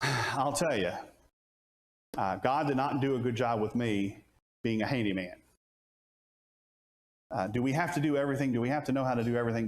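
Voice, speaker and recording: A man preaching a conversational Bible lesson to a class, asking questions and restarting his sentences. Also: mid-range voice. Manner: asks the audience questions, many restarts. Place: church classroom. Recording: roomy church room sound.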